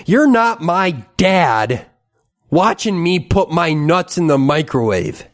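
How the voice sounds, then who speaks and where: A man's voice: fairly high pitch, takes it slowly. A man hosting a podcast in a casual, rambling monologue, ranting and mocking himself. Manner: animated, self-mocking ranting. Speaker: podcast host.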